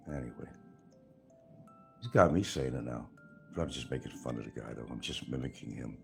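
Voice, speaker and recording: A man's voice: extremely low pitch, fairly quick, creaky, long pauses, faint music behind. An older man hosting a casual livestream, rambling and sarcastic with frequent chuckles. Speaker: livestream host.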